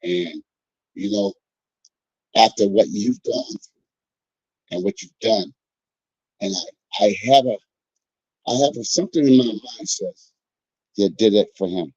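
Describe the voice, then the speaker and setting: A man's voice: fairly low pitch, unhurried, long pauses, husky, no echo. A man hosting a casual sports talk show, talking to his guest and turning to the listeners with "folks" and "y'all.". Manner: animated, addresses listeners as folks. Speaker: podcast host. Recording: dull lo-fi sound.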